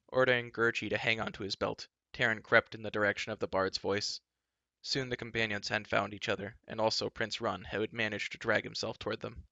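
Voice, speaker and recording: Gravelly man reading a storybook aloud. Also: fairly low pitch, brisk, dry recording. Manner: steady, dramatic narration. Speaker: reader. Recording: dull lo-fi recording.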